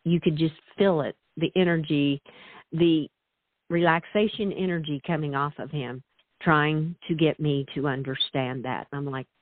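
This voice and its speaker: A woman hosting a casual interview, gushing with praise and laughing softly, heard over call audio. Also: low-pitched, steady tone, moderate pace, no echo. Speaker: interview host. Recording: tinny phone-like call audio, dry.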